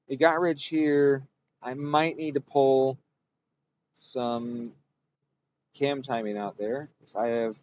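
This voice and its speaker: A man's voice: mid-range voice, a little mellow, dull audio, a little hiss or hum. A man tuning an engine on a livestream, talking casually and thinking aloud as he works. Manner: thinks aloud, rambling, self-correcting. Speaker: engine tuner streaming a dyno session. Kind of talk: casual technical livestream talk.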